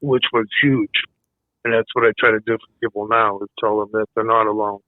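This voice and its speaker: A man who is a veteran, speaking as a guest in a casual interview, halting and soft-spoken with many pauses. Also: on the low side, level tone, dry recording. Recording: thin phone-like line, dry.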